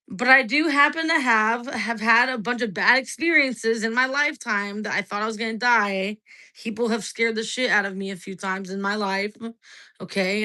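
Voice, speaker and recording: Bright-voiced profane woman in her thirties. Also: a little high. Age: 30s. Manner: rambling, profane, confessional. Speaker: livestreamer. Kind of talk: casual livestream monologue.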